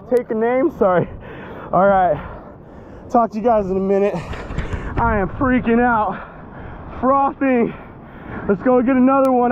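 A man vlogging from a beach while surf fishing, talking casually to his viewers and getting excited. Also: very high voice, phone-quality sound. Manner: excitable, exclaiming. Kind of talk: casual vlog narration. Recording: wind noise over the mic.

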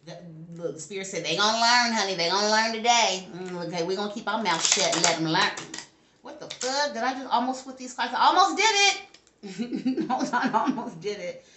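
A woman's voice: fairly high pitch, a bit bright, reverberant. A woman giving a casual tarot reading to camera, brash and profane, talking back to her spirits as she goes. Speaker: tarot reader.

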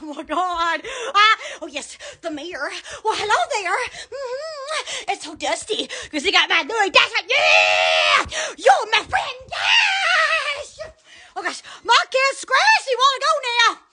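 A woman's voice: extremely high pitch, very animated, unhurried, pushed and bright. A woman hosting a goofy livestream from her bedroom on her phone, rambling silly nonsense with giggles and exclamations. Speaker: livestream host.

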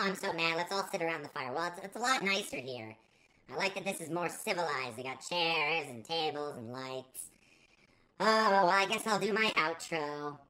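A woman hosts a gaming let's play, narrating over the action with theatrical, over-the-top mock outrage. Her voice sits a little low but has a bright, sharp edge, and she talks in a lively, exaggerated way. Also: low-quality recording. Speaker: gaming channel host.

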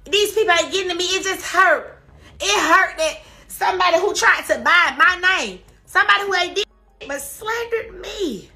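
A woman pours out an emotional livestream rant while crying, her high voice bright and edged. She repeats emphatic, defensive denials again and again. Faint music plays behind her. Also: normal speed. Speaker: social media personality on a live stream.

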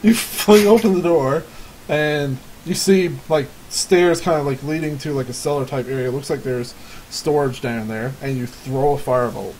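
A man's voice: mid-range voice, moderate pace, background noise. A man narrating a tabletop game as game master, rambling with lots of fillers and frequent laughs. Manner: giggly, rambling with many fillers.

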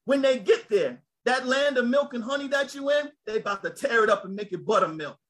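Man preaching, very high voice, bright and forceful, lively call-and-response style. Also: a little fast, poor audio. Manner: lively preaching, calls out to listeners. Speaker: pastor. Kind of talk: sermon.

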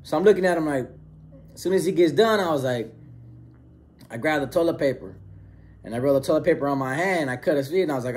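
A man's voice: on the high side, fast talker, long pauses, darkish tone. A man casually telling a story, using street slang and acting out quoted dialogue. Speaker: storyteller recounting prison experience.

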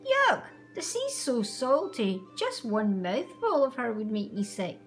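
A woman voicing a big, sleepy female elephant who rumbles and squeals. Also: very animated, unhurried, faint music behind. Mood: disgusted. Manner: rumbling, then squealing in disgust.

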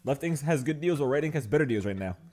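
A man's voice: mid-range voice, lively intonation, rapid-fire, a little mellow. Joking man narrating a game. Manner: joking, playfully mock-angry, bosses his game workers around. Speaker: gaming channel host. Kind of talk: casual let's-play commentary.

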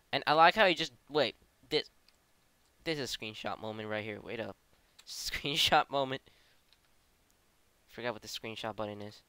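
A gameplay commentator, giggly and excitable, breaking into high yelps. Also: moderate pace, no room sound.

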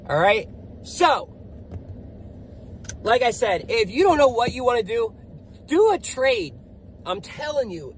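High-voiced, blunt, swearing tradesman. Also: a little hiss or hum, poor audio. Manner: blunt, profane, boastful and upbeat. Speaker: generator technician and small business owner. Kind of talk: casual motivational vlog.

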